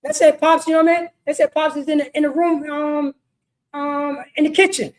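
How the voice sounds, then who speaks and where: A woman's voice: sits high, level tone, fairly quick. A woman teaching a religious law class in an emphatic, repetitive street-style sermon, often asking "you know what I mean". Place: meeting hall.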